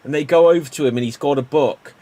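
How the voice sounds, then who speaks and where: A man hosting an improv show, telling quick pun jokes and calling on players by name. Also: fairly high pitch, dark tone. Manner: quick punny joke-telling, calls on players. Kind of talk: improv joke game.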